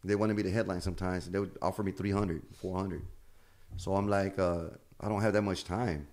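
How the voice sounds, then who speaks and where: A man's voice: sits low, brisk. A man who is a comedian telling stories in a casual chat, acting out the people he quotes and swearing freely. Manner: animated storyteller, acts out quotes, swears freely. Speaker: comedian guest.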